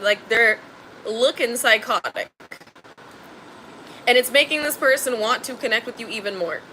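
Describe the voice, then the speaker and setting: Emphatic, bright-voiced woman tarot reader. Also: on the high side, slight background noise, low-quality recording. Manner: emphatic, blunt and slangy, swears freely. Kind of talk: spiritual tarot reading.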